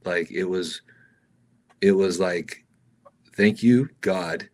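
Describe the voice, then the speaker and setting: A middle-aged man, a stuntman guest, telling stories casually with animated energy, slipping into raised voices for other people and calling the host "dude". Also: low voice, extremely slow. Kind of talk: casual storytelling interview.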